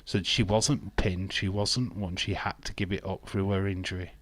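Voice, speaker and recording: A man's voice: low-pitched, flat delivery, moderate pace, dry recording. A man with an English accent, chatting casually as host of a live wrestling watch-along, joking and answering viewer messages. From England. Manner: chatty, jokey, reads viewer chat aloud.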